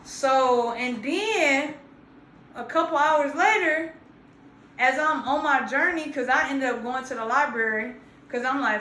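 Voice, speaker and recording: Woman round 30 storytelling, high n bright, cussing a lot, echoey room. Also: measured pace, slight background noise. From grew up in Georgia, US South. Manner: animated, profane, slangy and emphatic. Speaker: vlogger. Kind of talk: casual storytelling to camera. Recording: roomy echo.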